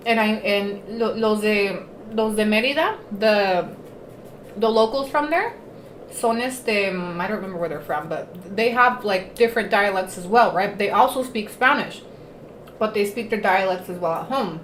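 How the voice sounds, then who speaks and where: Hosting a relaxed livestream, a woman talks at normal speed in a medium-pitched voice, blending Spanish words into her English and pausing to eat from time to time. Echo fills the room, with faint noise below.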